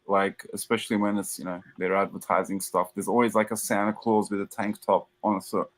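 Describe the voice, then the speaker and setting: A man's voice: fairly low pitch, fairly quick. A man from Australia with an Australian accent, chatting casually with some restarts. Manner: relaxed, rambling with restarts. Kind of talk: casual chat.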